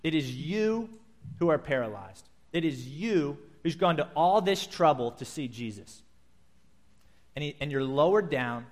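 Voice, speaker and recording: A man preaching a sermon, telling a scripture story in vivid, animated detail and acting out its scenes. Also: a little high, unhurried.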